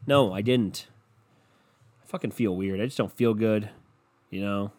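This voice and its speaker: A podcast host speaks alone on a casual show, his voice on the low side, a little slow, with long pauses. He rants animatedly, swearing a lot and doing mocking impressions of other people.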